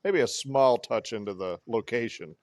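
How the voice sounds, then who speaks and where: A man's voice: mid-range voice, moderate pace, darkish tone, dry recording. A man hosting a casual golf podcast, running the show and teasing his co-host with joking questions. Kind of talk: casual chat.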